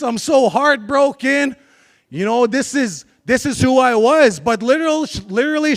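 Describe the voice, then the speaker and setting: A young man telling a candid, confessional life story to a live audience, joking with the crowd between heavy admissions. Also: very high-pitched. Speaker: speaker sharing his life story. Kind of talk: live motivational talk to an audience.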